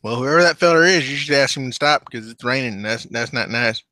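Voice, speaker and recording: A man's voice: medium pitch, fast talker, sharp tone, no echo, clean studio sound, close to an everyday voice. A man putting on a folksy country drawl. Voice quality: drawling, plain-spoken country talk. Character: folksy rural American man, blunt and chatty. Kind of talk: tabletop role-play voice.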